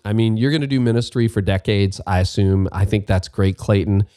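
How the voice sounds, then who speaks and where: A man's voice: lowish voice, a little fast, warm tone, no echo, clean studio sound. A middle-aged man from Canada hosting a podcast, answering listener questions in a candid, self-deprecating way and repeating his key points. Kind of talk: casual advice talk.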